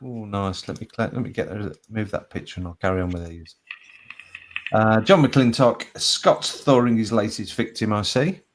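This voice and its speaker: A man's voice: on the low side, normal speed. A man hosting a live show, reading out viewer captions and laughing often between them. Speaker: host.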